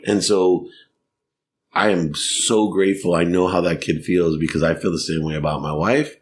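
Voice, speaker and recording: Deep voiced guy telling stories on a podcast, animated and laughing, light hiss. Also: normal speed. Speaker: guest, sports marketing executive. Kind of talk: storytelling in a podcast interview.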